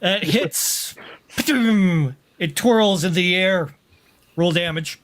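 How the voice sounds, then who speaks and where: Brief: higher-pitched male game master, calm descriptive narration for a sci-fi tabletop game. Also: very slow, a little hiss or hum.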